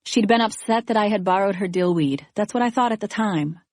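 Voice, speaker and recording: Clean studio sound without echo carries a woman's medium-pitched narration of a first-person thriller audiobook. Her storytelling stays even and measured.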